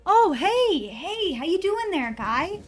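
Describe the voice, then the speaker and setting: A woman's voice: extremely high pitch, big pitch swings, slow pace, faint music behind, heavily acted. A woman voicing a cheerful male robot character who is overly chipper and sing-song about loving life. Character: cheerful robot guy who loves being alive.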